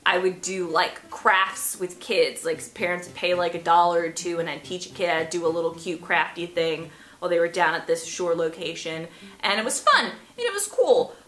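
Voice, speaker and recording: A young woman vlogs in an animated, sarcastic storytelling voice that is bright and slightly high. Her talk rings in an echoey room. Faint music plays underneath. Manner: sarcastic, animated, swearing freely. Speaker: vlogger. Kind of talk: casual storytelling to camera.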